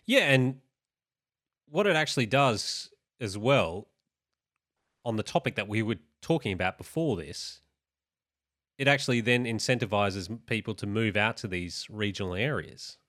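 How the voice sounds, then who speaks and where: A man's voice: lowish voice, animated, moderate pace, a bit bright, no room sound, studio quality. A man co-hosting a podcast, easygoing and setting up topics with frequent fillers. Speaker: podcast co-host. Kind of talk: casual opinion chat.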